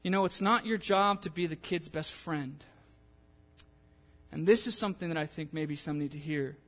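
A young man preaching a sermon in a church in a casual, animated way, acting out the people he quotes. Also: fairly high pitch, normal speed. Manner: animated, conversational, acts out quotes. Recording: long church-hall reverb.

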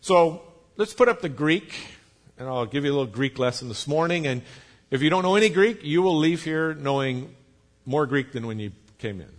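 A pastor preaching a sermon, explaining patiently, spelling out words, with light jokes for the congregation. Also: male voice, a little high, expressive, normal speed. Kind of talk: sermon teaching.

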